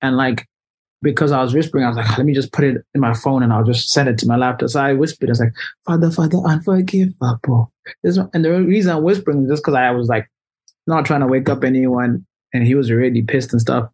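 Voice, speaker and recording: A young man being interviewed as a musician, telling a story in a loose, animated way with lots of fillers. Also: medium pitch, fast talker. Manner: animated, loose, heavy use of "like". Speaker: musician guest.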